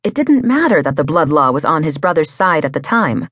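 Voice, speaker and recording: A woman reads a novel as an audiobook, in a dramatic, measured way. Her voice is low and husky. The recording is dry and close, with no room sound. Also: very animated, fairly bright tone, no echo. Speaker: audiobook narrator. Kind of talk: scripted audiobook narration.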